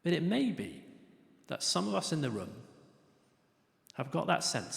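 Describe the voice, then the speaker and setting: A man's voice: fairly high pitch, sing-song, unhurried, gravelly, long pauses. A middle-aged man giving an earnest, conversational evangelistic talk to students, telling stories as he goes. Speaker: speaker. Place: lecture hall. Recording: echoey hall reverb.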